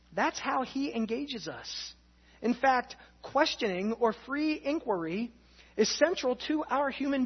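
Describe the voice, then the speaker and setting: Woman preacher, high husky voice, earnest sermon delivery, muffled lo-fi sound. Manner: earnest teaching, swings from emphatic to hushed.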